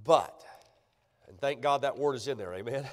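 A man's voice: medium pitch, moderate pace. A man preaching a sermon, emphatic and often checking in with the congregation. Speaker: pastor. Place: church sanctuary. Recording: church livestream with long hall reverb.

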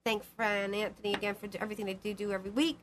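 A woman's voice: mid-range voice, flat delivery, rapid-fire, a little hiss or hum. A woman hosting a live call-in show as a psychic medium, talking in a rambling, emphatic way and repeating herself. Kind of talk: casual live call-in chat.

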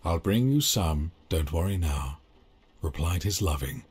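A grave, ominous storybook narrator in a game, reading very slowly in a deep, low voice. The sound is breathy and whispery, with no clear ring to it. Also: male voice, animated, darkish tone, heavily acted.

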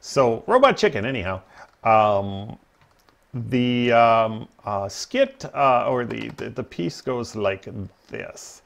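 Guy rambling on a game stream, gravelly, lots of ums and laughs. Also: medium pitch, big pitch swings, slow pace. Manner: rambling, laughs at own stories, many ums. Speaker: livestream host. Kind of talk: casual gaming stream chat.

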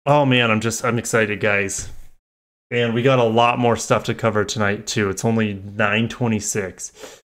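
A man's voice: lowish voice, steady tone, moderate pace, a bit bright. Chatty man riffing on car news. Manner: chatty, rambling asides with self-corrections. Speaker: car channel host. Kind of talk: live reading and commentary on a press release.

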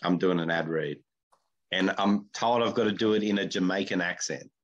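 A man co-hosting a comedy podcast, chatting casually in a blunt, crude, deadpan way. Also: deep voice, moderate pace, highs cut off. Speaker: podcast co-host.

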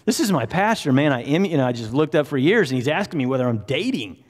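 A woman's voice: deep voice, very animated, quick pace, long reverb tail, pitched above the performer's own voice. A man voicing a flustered older Southern belle woman, fluttery and scandalized.

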